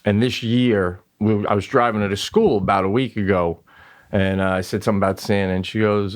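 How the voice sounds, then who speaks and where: A man's voice: on the low side, fairly quick. A man co-hosting a podcast, telling family stories in casual chat, profane and joking, acting out quoted voices. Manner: animated storyteller who acts out quoted voices. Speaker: podcast co-host; father.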